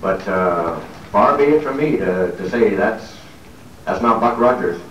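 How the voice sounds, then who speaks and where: A man's voice: lowish voice, measured pace, muffled recording. Genial middle-aged man in an echoey hall. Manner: genial, joking with the audience, many ums and restarts. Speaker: guest actor at a fan convention Q&A. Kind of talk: live stage Q&A, chatty anecdotes. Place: large convention hall with an audience. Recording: distant, echoey, noisy 1970s hall recording.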